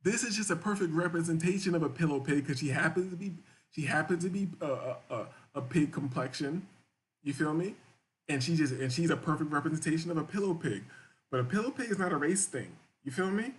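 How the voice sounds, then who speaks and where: A man's voice: fairly high pitch, lively intonation, brisk. A man hosting a live-stream show, reading viewer chats aloud and reacting in crude, rambling, repetitive casual talk.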